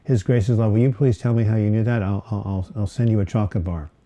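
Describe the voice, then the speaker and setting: A man with a lowish, steady, mellow voice talks fast while hosting a casual live-stream mental health Q&A from home in Portland. He reads viewer questions aloud and rambles, full of fillers and restarts.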